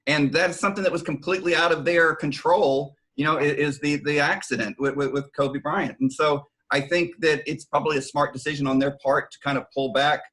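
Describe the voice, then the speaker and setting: A man's voice: fairly high pitch, fairly even intonation, brisk, few pauses, a bit bright, low-quality recording. A man on a discussion panel who speaks hesitantly, with many restarts. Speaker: panel guest.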